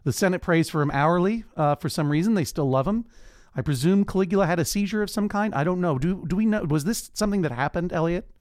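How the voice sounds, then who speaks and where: A man's voice: high-pitched, quick pace, darkish tone, dry recording, clean studio sound. A man co-hosting a podcast, recapping scenes with jokes. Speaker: podcast co-host. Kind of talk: casual chat.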